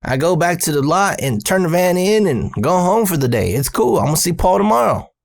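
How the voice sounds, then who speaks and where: A man telling a comedic personal story, animated and full of profanity. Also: sits high, fairly quick, creaky, no room sound, studio quality.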